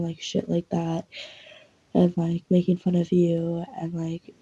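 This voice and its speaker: Gravelly, dark-voiced woman narrating casually. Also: on the low side, flat delivery, measured pace, lo-fi sound. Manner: casual, many fillers, swears. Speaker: voice actor narrating. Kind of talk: second-person audio role-play narration.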